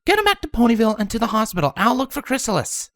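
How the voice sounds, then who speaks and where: A man voicing a studious young female pony giving firm, authoritative orders in a high voice. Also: sing-song, very fast, a bit bright, no echo, studio quality, full character voice. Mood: firm commanding. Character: commanding studious young mare.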